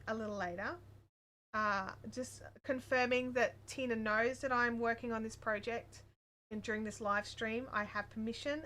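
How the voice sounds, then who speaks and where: This Australian crochet livestream host has a fairly high, bright, pushed voice. Chatting loosely with viewers and reading their comments, she wanders from topic to topic with plenty of fillers.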